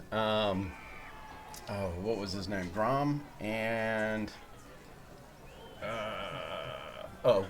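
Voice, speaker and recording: A man's voice: medium pitch, creaky. Rambling man running a tabletop game. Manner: rambling, loose, with many fillers. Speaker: game master.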